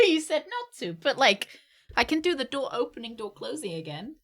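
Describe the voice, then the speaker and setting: A woman's voice: high voice, very animated, normal speed, fairly bright tone. A woman streamer chatting playfully and laughing often during a gameplay stream. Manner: giggly, chatty and playful, talks to chat. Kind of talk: casual gameplay commentary.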